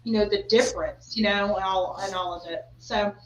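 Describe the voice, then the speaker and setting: A woman's voice: medium pitch, steady tone, moderate pace. A woman hosting a podcast in casual chat, talking in a rambling, chatty way full of fillers. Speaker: podcast host. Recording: roomy, slightly dull recording.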